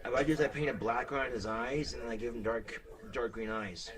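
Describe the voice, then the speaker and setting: A young man rambling haltingly in a home video vlog, with many fillers. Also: mid-range voice, steady tone, crowd noise.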